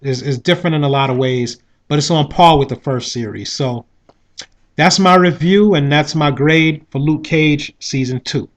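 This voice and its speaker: Speaking at a moderate pace in a slightly high voice, a man rambles through a casual review of a show, tossing in "you know what I mean" again and again.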